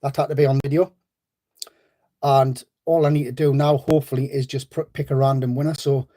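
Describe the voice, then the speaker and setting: A man's voice: medium pitch, little pitch movement, fairly quick, warm tone. A man hosting a live fishing stream, chatting in a rambling way and greeting viewers by name. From North East England. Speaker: fishing channel host.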